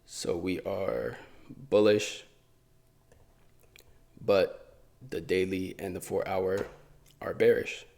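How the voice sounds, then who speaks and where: A man with a fairly low voice talks through trading charts in a relaxed, conversational way. He thinks aloud, circles back and repeats phrases as he points things out. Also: slow pace, vocal fry, long pauses. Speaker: forex trading YouTuber. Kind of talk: casual chart walkthrough.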